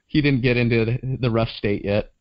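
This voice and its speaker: A man's voice: medium pitch, measured pace, dry recording. Laid-back man, rambling guest, dry audio. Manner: rambling, hedging, laughs often. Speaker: podcast guest. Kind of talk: casual movie chat. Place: living in Los Angeles. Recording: dry, slightly dull lo-fi audio.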